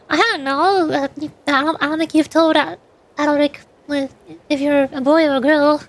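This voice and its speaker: A woman's voice: sits high, fairly even intonation, normal speed. A woman streaming a game as a VTuber, chatting playfully with her viewers. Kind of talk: casual gaming stream chat.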